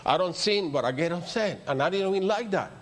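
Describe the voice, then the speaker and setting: A man's voice: high voice, expressive, fairly quick. An older man with a Spanish accent, a native Spanish speaker, preaching a rambling, story-filled sermon that builds to emphatic peaks. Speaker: pastor.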